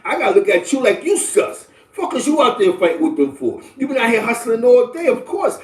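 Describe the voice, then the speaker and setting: A middle-aged man from the Bronx, talking casually to livestream viewers in animated street slang and often asking "you know what I'm saying". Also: very high voice, brisk. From the Bronx, New York. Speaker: livestream host. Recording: roomy, distant from the mic.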